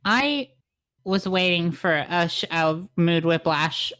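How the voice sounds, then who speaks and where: A woman's voice: lowish voice, lively intonation, slow, fairly bright tone. A woman co-hosting a podcast, chatting casually in a jokey, rambling way. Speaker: podcast co-host. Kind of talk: casual chat.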